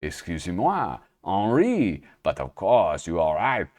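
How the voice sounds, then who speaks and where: A pompous middle-aged French father, speaking in a thick, hammy accent, as a man puts him on. His lowish voice swoops all over the place. The recording is dry and close. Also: wildly swooping pitch, measured pace, a little mellow, no echo, heavily acted.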